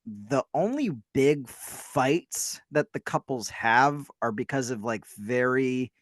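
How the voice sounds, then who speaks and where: A man's voice: medium pitch, expressive, slow, no room sound, clean studio sound. A man co-hosting a podcast, chatting casually about a film in a rambling, hedging way. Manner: rambling, hedging, self-deprecating. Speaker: podcast co-host.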